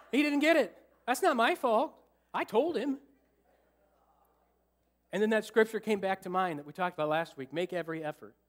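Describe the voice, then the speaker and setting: A man with a bright, high-pitched voice delivers a sermon as pastor. He tells a story with lively energy, acting out what went through his head and joking with the congregation. He is preaching in a church sanctuary. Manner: animated, acts out his own thoughts and jokes with the congregation.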